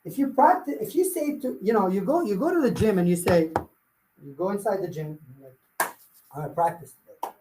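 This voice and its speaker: A man's voice: sits high, expressive, fairly quick, warm tone, a little hiss or hum. Straight-talking guy running a sales workshop, lots of "can i change it? no.", roomy echo. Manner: blunt, fires rhetorical questions at the audience. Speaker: real estate sales trainer. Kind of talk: live coaching workshop.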